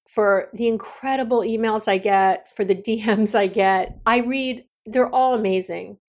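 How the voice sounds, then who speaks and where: A woman's voice: medium pitch, steady tone, a little slow, few pauses, darkish tone. Earnest, heartfelt woman podcaster. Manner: earnest, heartfelt, meandering with many restarts. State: near tears. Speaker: podcast host. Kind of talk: candid solo podcast talk.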